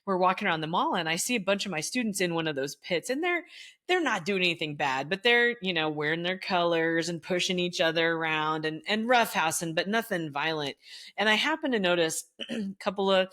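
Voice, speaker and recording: A middle-aged woman, a former teacher, telling stories as a podcast guest in an animated way, leaping up in pitch whenever she quotes someone. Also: brisk. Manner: animated, jumps high in pitch when quoting others. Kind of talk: casual storytelling conversation.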